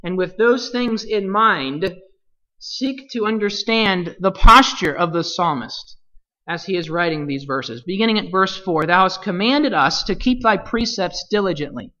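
Bible study teacher asking the class questions, bright tone, kinda muffled lo-fi sound. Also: mid-range voice, lively intonation. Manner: deliberate, asks the class questions.

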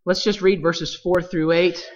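Slow, deliberate Bible teacher. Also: mid-range voice, fairly even intonation, muffled recording. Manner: deliberate, asks the class questions.

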